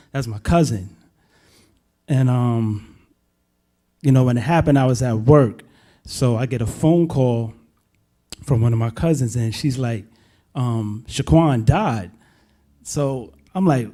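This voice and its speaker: A man's voice: mid-range voice, mellow. A young man sharing a spoken testimony at church, in casual slangy storytelling that grows emphatic. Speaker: church member giving testimony.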